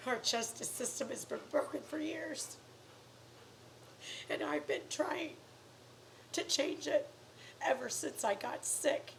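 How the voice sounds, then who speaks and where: A woman making an emotional personal appeal to viewers, earnest and pleading, close to tears, sometimes dropping to soft whispery words. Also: high-pitched, slow, creaky, long pauses, noisy background. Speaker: YouTuber asking for donations.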